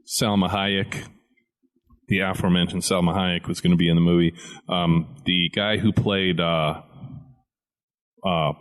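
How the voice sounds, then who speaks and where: Easygoing guest co-host with a deep low voice, chatty and explanatory. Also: male voice, little pitch movement, unhurried, pauses often. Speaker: comic shop owner, guest co-host. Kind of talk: casual chat.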